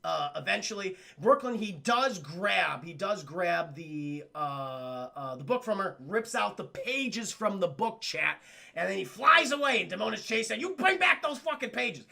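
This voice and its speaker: A young man retells a cartoon episode to his chat in a high, bright voice with plenty of gravel and fry. He swears freely and leaps up and down in pitch whenever he quotes a character, keeping it loose and animated. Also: a little slow. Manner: animated, profane, swoops up and down the pitch when quoting characters. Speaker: cartoon reviewer streaming to chat.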